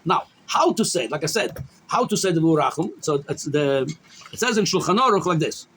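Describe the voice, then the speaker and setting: A man's voice: on the high side, animated, a little fast, fairly bright tone, slight background noise, rough recording. A man, a rabbi, teaching a daily law class, reading Hebrew sources and explaining them in English with many restarts. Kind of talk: halacha lecture.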